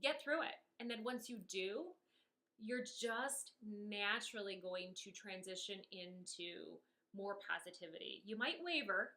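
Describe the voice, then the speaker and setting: A woman's voice: medium pitch, a little slow, pushed and bright. A woman teaching a self-help tapping technique, upbeat and encouraging, talking straight to the viewer. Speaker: tapping coach. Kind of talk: instructional tutorial.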